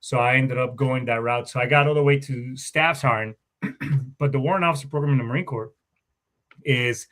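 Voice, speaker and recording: In a relaxed interview, a middle-aged guest who served as a Marine Corps warrant officer tells stories at a normal speed. His mid-range, slightly bright voice carries a profane, rambling delivery full of mid-sentence self-corrections.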